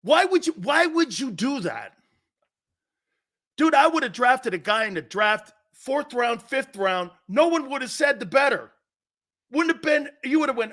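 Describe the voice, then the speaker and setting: Loud, bright-voiced East Coast male host. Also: high voice, big pitch swings, moderate pace. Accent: East Coast American. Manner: loud, profane, often shouting. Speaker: sports talk show host. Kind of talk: sports talk show rant.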